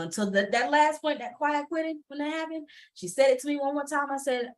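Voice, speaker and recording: Expressive woman panelist. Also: sits high, brisk, hardly any pauses. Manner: expressive, laughs often, drawls "y'all". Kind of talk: candid panel talk.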